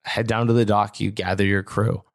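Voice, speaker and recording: A man narrating a tabletop game as game master, relaxed with hesitant fillers. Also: fairly low pitch, moderate pace, no room sound, clean studio sound.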